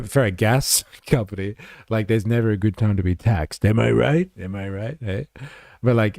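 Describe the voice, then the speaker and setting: A man's voice: on the low side, gravelly, warm tone, no room sound, clean studio sound. A man hosting a casual livestream, chatting back to comments and saying "like" a lot. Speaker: livestream host.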